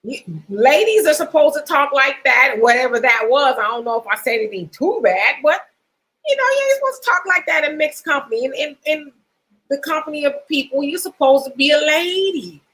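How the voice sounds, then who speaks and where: A middle-aged woman hosts a casual livestream, reading out viewer comments and tossing in quick asides and frequent laughter. Her voice sits a little high and rings bright and forward. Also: animated, low-quality recording. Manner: laughs often, reads comments aloud with asides. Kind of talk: casual chat.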